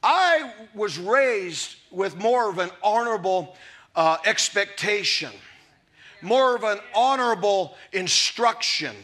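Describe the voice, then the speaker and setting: A man in his fifties preaching a sermon to a live congregation, emphatic and often shouting, with jokey storytelling. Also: high voice, animated, slow. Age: 50s. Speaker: pastor. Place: church service before a live congregation.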